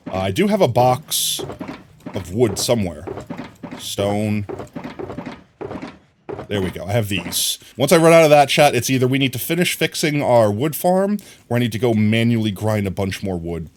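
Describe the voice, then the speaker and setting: A man's voice: on the low side, big pitch swings, moderate pace, a little hiss or hum. A man streaming a block-building game, chatting casually with his chat and greeting viewers while he works. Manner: chatty, reads and answers chat while building, hums bam bam to himself. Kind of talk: casual live game commentary.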